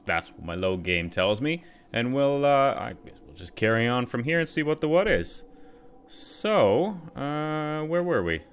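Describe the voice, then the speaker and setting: A man's voice: medium pitch, sing-song, unhurried, clean tone. A man hosting a let's play, giving rambling, self-deprecating commentary over the game. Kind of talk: casual gameplay commentary.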